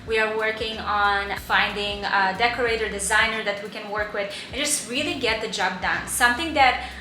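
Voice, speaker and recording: A woman vlogger eagerly telling a story in casual chat, with bursts of enthusiasm. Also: mid-range voice. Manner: excitable, animated, quick bursts of enthusiasm. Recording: roomy echo, faint background hiss.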